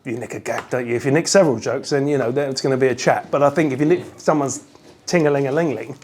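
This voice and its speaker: A comedian chatting loosely and playfully in an interview. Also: male voice, mid-range voice, fast talker, darkish tone, slight background noise. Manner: loose, joking, rambling, playful. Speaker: comedian guest. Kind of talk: casual interview chat.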